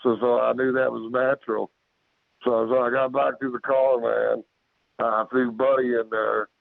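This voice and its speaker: A man appearing as a podcast guest rambles through a story about an encounter he had, repeating "so, so, so" and "man" and acting out his own shouted lines louder and at a higher pitch. Otherwise his tone is level, his speed normal, and his voice has vocal fry. There's no echo, but the line sounds tinny, like a phone.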